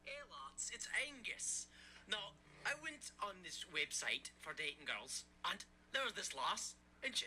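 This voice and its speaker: A woman's voice: pushed and bright, a little hiss or hum, heavily acted. A woman putting on a blunt, crude male caller in a put-on Irish accent, boasting about a bad date. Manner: blunt, crude, swinging wildly in pitch.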